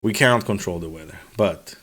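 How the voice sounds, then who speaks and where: A man talking casually to camera in a vlog, sarcastic and animated, acting out officials' replies in mock voices. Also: sits low, a little fast. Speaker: vlogger.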